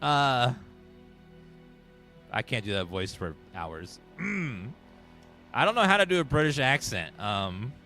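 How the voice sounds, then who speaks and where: A man's voice: mid-range voice, very animated, takes it slowly, pauses often, pushed and bright, soft background music. A man casually chatting as a game streamer, offhand and talkative. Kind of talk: casual gaming commentary.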